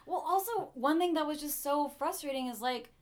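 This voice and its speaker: A woman co-hosting a podcast in casual chat, animated and swearing casually while she loses her voice. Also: high-pitched, moderate pace. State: losing her voice. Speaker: podcast co-host.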